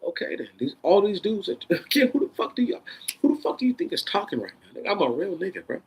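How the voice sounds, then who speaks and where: A man in an unscripted, profane rant, swinging between loud bursts and a held-down, controlled tone. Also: high-pitched, big pitch swings, fast talker, creaky, a little hiss or hum. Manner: says he is holding his voice down in a controlled tone. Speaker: vlogger.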